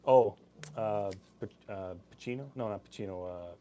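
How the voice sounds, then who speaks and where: A chatty, laid-back man hosts a casual live-stream sale, presenting products with easy laughter and rambling asides. His voice is lowish and mellow at a normal speed, with slight background noise.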